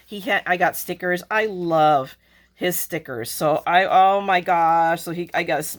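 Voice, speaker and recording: A woman's voice: on the low side, expressive, unhurried, a bit bright. A middle-aged woman chatting casually as a crafting vlogger, gushing and emotional as she opens her mail. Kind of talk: casual chat.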